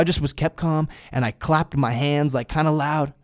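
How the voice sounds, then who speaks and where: A man's voice: on the high side, normal speed, hardly any pauses. Slangy young man telling a wild story. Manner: animated, profane, slangy, drifts into acted-out quotes. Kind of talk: casual podcast storytelling.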